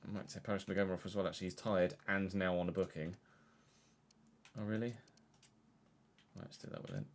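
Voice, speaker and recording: A young man streaming live, chatting through his football game and breaking into excited shouts between muttered asides. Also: low voice, a little fast. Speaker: gaming streamer.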